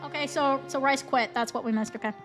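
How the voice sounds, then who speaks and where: A woman's voice: high-pitched, fairly even intonation, quick pace, a bit bright, faint music behind. A woman streamer giving chatty, rambling game commentary, poking fun at herself. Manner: chatty, rambling, self-mocking.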